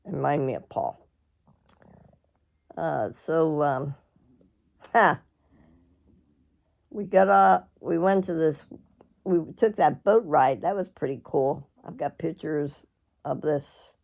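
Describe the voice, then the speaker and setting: Woman, middle-aged, dark mellow tone, halting casual storytelling. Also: sits low. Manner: rambling, halting, frequent throat-clearing and soft laughs. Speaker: vlogger telling a personal story.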